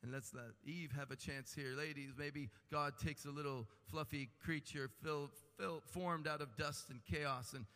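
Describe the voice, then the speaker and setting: A man preaching a sermon with animated delivery and humorous asides. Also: a little high, normal speed, few pauses. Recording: long hall reverb.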